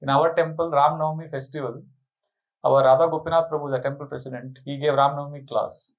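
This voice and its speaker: A middle-aged man, a monk telling an animated, laughing anecdote as a spiritual talk. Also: a little high, fast, poor audio. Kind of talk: storytelling sermon.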